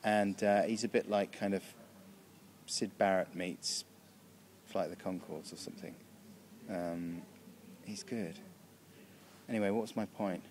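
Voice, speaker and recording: In a backstage room, a comedian interviewee from Britain gives loose, rambling answers, chuckling and repeatedly interrupting himself to start sentences over. His low, steady voice is a little mellow and a little slow.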